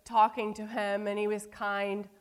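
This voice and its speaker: A woman's voice: mid-range voice, flat delivery, unhurried, clean tone. Woman preaching in a reverberant hall. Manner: storytelling with wide swings between emphatic and hushed delivery. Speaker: pastor. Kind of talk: sermon.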